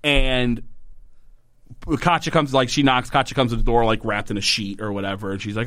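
A man co-hosting a casual podcast, recapping a TV episode in an animated way, swearing and acting out the characters' lines. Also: mid-range voice, normal speed, no room sound, clean studio sound. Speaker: podcast co-host.

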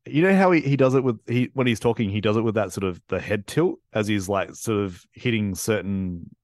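A man's voice: on the low side, fairly quick, darkish tone, no room sound, studio quality. A man hosting a podcast, chatting casually about a film in a rambling way with frequent laughs. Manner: rambling, laughs often, lots of fillers and likes. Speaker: podcast host. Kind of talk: casual chat.

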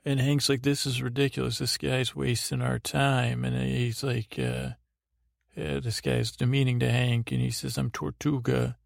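A man's voice: mid-range voice, level tone, a little slow, creaky, dry recording, clean studio sound. A man hosting a bedtime podcast, recapping a TV episode in a meandering way, with many restarts and quoted lines in his own voice. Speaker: podcast host. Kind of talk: rambling sleepy episode recap.

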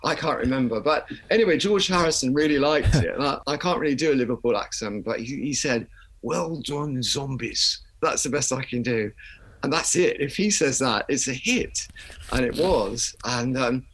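A man's voice: medium pitch, expressive, normal speed. An older man, a musician guest, telling chatty anecdotes in an interview and laughing as he goes. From England.

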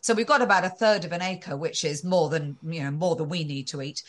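A woman's voice: deep voice, a little fast. A woman guest in an interview, answering questions thoughtfully and often restarting her sentences. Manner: thoughtful, frequent restarts and fillers, occasional laughs.

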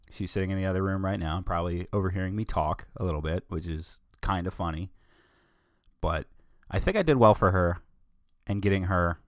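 A man's voice: low voice, no room sound, clean studio sound. A man hosting a solo show, talking casually in a rambling, opinionated way with many digressions. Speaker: podcast host.

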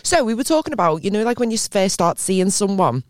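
A woman's voice: medium pitch, big pitch swings, quick pace, darkish tone, no echo, clean studio sound. Girl chatting on a podcast, teasing, bouncy voice. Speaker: podcast co-host. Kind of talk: casual banter.

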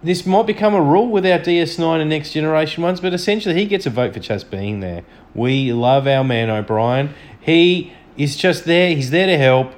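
A man's voice: a little high, animated, moderate pace. Chatty man hosting a solo podcast. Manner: enthusiastic, chatty, self-deprecating. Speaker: podcast host. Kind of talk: solo podcast episode review. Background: dog snoring.

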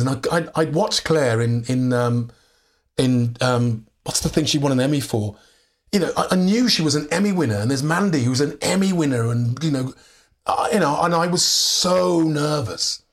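Animated English man telling stories. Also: a little high, moderate pace. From England. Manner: animated storyteller, many restarts and laughs. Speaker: actor guest. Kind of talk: candid anecdotal interview talk.

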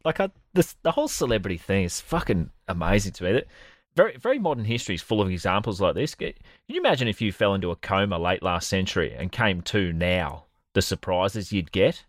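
Deep-voiced man, sardonic and profane. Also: very animated, fast talker, dry recording, studio quality. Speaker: podcast co-host. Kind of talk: comedic podcast banter.

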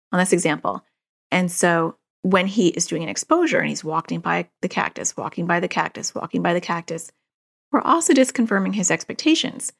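Earnest woman with a lowish voice explaining to parents. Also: creaky, a bit bright. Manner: earnest, explains with worked examples, repeats key phrases. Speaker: parent educator on child anxiety.

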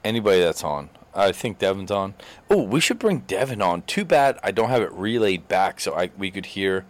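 A man's voice: deep voice, expressive, moderate pace. Young man, vlog host, playful and giggly, casual chat. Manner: playful, laughs while telling a joke.

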